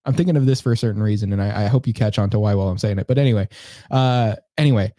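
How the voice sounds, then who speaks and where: Young man, podcast co-host, rambling anecdotes, mellow dark tone, dry close sound. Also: fairly low pitch, racing, no room sound. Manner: rambling, many fillers and restarts. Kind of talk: casual storytelling chat.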